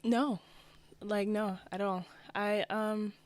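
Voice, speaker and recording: A young woman from New Jersey, a fashion designer guest, chatting in a relaxed, laid-back way. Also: medium pitch, takes it slowly, no room sound. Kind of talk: casual interview.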